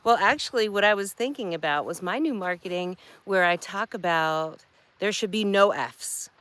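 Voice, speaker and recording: Standing by a creek with her phone in hand, a marketing coach and live streamer from New York talks chattily to the camera in a casual vlog. She speaks at a moderate pace with a medium-pitched, smooth, slightly bright voice, and there's no room sound.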